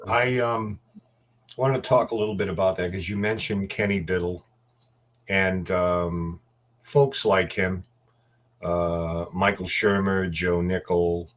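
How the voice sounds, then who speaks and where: A man hosting an interview, speaking in a measured way and searching for words. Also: sits low, fairly even intonation, slight background noise. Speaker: podcast host. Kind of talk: casual interview chat.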